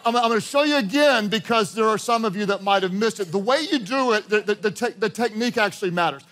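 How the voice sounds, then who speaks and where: A man preaching a sermon as pastor, animated, acting out short exchanges and repeating his points. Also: sits high. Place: church auditorium with congregation.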